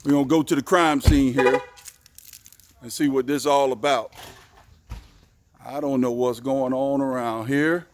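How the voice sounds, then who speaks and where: A man hosting a shooting vlog outdoors at a range, chatting folksy to viewers and getting excited at good shots. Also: medium pitch, a little slow, pauses often, slight background noise. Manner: excitable, hollers when shots land. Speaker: shooting channel host. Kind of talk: casual vlog talk to camera.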